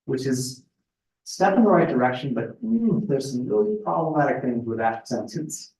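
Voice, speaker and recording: A middle-aged man speaking at a spiritual retreat in a conversational, thoughtful way, often pausing with fillers. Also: medium pitch, very animated, darkish tone. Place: retreat house meeting room. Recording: echoey room, voice picked up from a distance.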